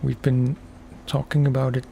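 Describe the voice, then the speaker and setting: A man streaming a game for relaxation, talking softly in unhurried, musing asides. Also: mid-range voice, little pitch movement, vocal fry, slight background noise. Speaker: gaming ASMR streamer. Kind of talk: soft-spoken gameplay commentary.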